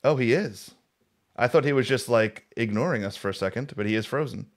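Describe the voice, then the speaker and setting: A man's voice: mid-range voice, fairly quick. A man co-hosting a casual pop culture chat over a video call, rambling and restarting his sentences. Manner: rambling, full of restarts and fillers. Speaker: co-host.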